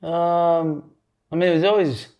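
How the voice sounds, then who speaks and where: A man from Florida, a surfer, speaking as a podcast guest in a relaxed, soft-spoken way. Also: fairly high pitch, a little slow. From Florida, USA. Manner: laid-back and soft-spoken. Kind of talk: casual podcast chat.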